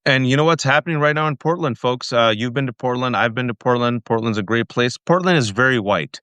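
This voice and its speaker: A man's voice: medium pitch, brisk, pushed and bright, no room sound. A man hosting a political commentary show, speaking with passion and talking straight to his viewers. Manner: impassioned, addresses viewers directly. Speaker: host.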